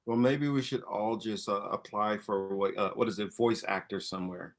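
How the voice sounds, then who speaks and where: A man co-hosting a casual talk show, joking around in an animated way. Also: on the low side, moderate pace. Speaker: podcast co-host. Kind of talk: casual chat.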